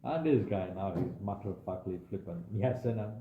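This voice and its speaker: A man's voice: fairly low pitch, expressive, brisk, echoey room, muffled recording, noisy background. A young man preaching a sermon, telling a story dramatically with frequent asides to his audience.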